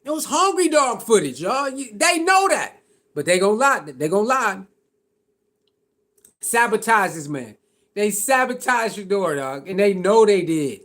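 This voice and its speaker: A man with a strikingly high voice delivers reaction commentary on football. He talks in heated, slangy bursts and keeps circling back to the same points. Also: sing-song, unhurried, a bit bright. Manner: heated, slangy ranting with repetition. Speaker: sports commentator.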